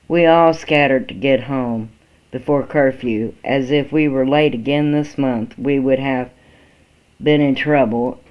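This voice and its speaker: A man reading a first-person story aloud in a slow, halting way, with small restarts, on a dull lo-fi recording. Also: mid-range voice. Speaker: amateur story reader.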